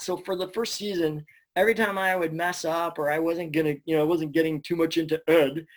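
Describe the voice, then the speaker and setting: A man, a voice actor, telling stories in a casual interview, chatty and animated, swearing now and then. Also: sits high, moderate pace. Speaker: voice actor guest.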